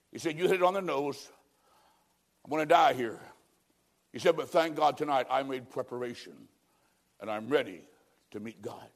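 A man preaches an evangelistic sermon, his voice pitched a little high, alternating between loud, emphatic lines and hushed endings that fall almost to a whisper.

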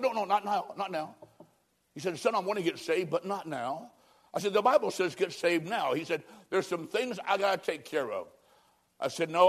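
A man preaching with a fairly high voice, telling his own story in plain words. He pleads with his listeners and swings between emphatic peaks and hushed, intimate moments. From American Midwest. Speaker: evangelist preacher. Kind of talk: sermon with personal testimony.

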